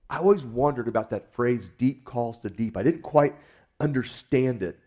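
A man's voice: medium pitch, animated, moderate pace, a little mellow, breathy edge. A man preaching a sermon in an earnest, conversational way, often restarting his words as he goes. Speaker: pastor.

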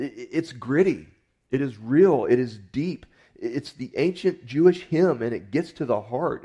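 A man's voice: medium pitch, mellow, slightly rough. A man preaching a sermon in an earnest, conversational way, often restarting his words as he goes. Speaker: pastor.

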